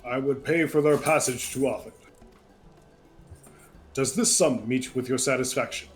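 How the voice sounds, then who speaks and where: A man's voice: medium pitch, normal speed, faint music behind, natural voice. A man voicing a scheming male pirate chief in a thick put-on accent, drawling and sly.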